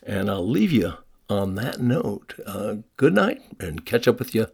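A man who guides walking tours, giving a short evening talk, speaking haltingly with many uhs and restarts and spelling words out. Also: fairly low pitch, big pitch swings, creaky, a little mellow, husky. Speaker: London walking tour guide. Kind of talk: short nightly talk on place names.

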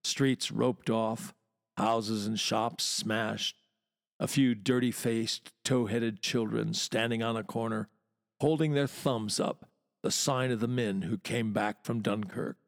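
A man reading a wartime news dispatch aloud in a measured, deliberate storytelling manner. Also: on the low side, fairly even intonation, vocal fry, big-room sound. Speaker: podcast reader.

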